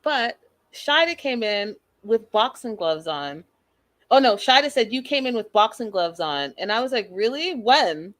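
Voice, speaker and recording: A young adult woman hosts a show where she recaps a reality episode, animated and opinionated, acting out the quotes. Her voice is fairly high and her pace measured, recorded with no echo.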